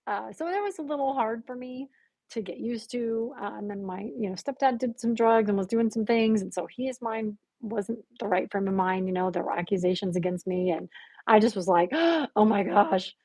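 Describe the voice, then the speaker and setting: A woman guest on a podcast tells a personal story in conversation, animated and gasping as she acts out the voices she quotes. Her voice is medium-pitched at normal speed, with no echo.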